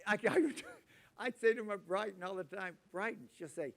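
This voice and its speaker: A man in his sixties preaching a sermon, telling loud, animated family stories. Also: sits high, moderate pace, gravelly. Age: 60s.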